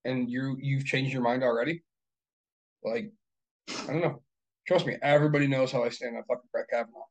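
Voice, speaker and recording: A foul-mouthed man holds forth in a loose, casual chat. He talks bluntly and with heat, circling his point with plenty of fillers, at a middling pitch. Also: fairly even intonation, a little fast, poor audio. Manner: blunt, heated, heavy swearing; rambling with many fillers.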